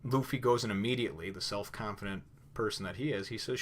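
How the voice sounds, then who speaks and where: A man's voice: lowish voice, fast talker. A man giving a casual spoken review, retelling the story loosely with many fillers and restarts. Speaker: comic book reviewer.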